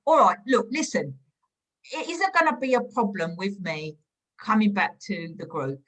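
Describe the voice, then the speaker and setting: A woman's voice: mid-range voice, animated, moderate pace, a bit bright. A woman playing a passive-aggressive stamp collector in an improvised comedy scene, gushing sweetly before slipping into insults. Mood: chatty. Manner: gushing praise that sours into insults. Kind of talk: improvised comedy scene over video call. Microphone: video call.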